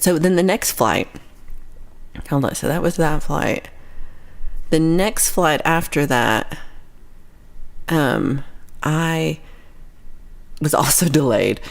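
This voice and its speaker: A young woman hosting a casual livestream chat, telling a story with lively quoted voices and laughs. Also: low voice. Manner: animated storytelling, acting out quoted people, frequent laughs. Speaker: livestream host.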